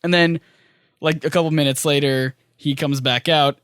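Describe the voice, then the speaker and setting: A man's voice: fairly high pitch, fairly even intonation, normal speed, a bit bright, clean tone, dry recording, clean studio sound. A man co-hosting a casual podcast chat, telling stories with lots of fillers. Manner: rambling storyteller, many fillers. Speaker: podcast co-host.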